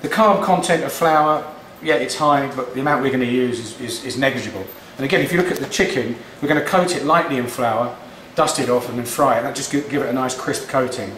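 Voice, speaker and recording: Casting note: chatty home cook, mid-pitched, roomy kitchen, mic a bit distant. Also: male voice, fairly quick, hardly any pauses, a bit bright, a little hiss or hum. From England. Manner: chatty, rambling, with frequent restarts. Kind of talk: casual cooking demonstration. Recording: echoey kitchen, distant mic, frying sizzle.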